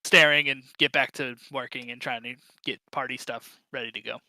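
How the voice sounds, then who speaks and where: A man narrating as game master of a tabletop game, halting with many fillers. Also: mid-range voice, fairly even intonation, bright, forceful tone, no room sound, low-quality recording.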